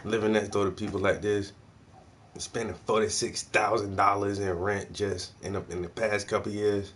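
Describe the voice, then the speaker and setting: In a casual rant about his neighbors, this vlogger and artist is slangy and profane and keeps laughing. He speaks at normal speed in a fairly low, level, slightly bright voice, over a little hiss or hum.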